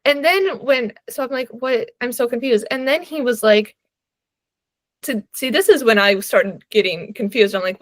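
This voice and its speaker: A woman's voice: fairly high pitch, moderate pace, dry recording. A young woman co-hosting a book podcast, chatting casually and animatedly, laughing and filling her talk with "like". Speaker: podcast co-host.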